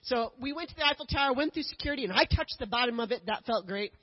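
A woman's voice: on the high side, expressive, quick pace, muffled recording. A woman giving a chatty slideshow talk as a missionary speaker to a church group, with joking asides. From United States.

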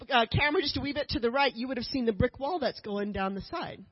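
A woman's voice: a little high, lively intonation, quick pace, husky, dull audio. A woman giving a chatty slideshow talk as a missionary speaker to a church group, with joking asides. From United States.

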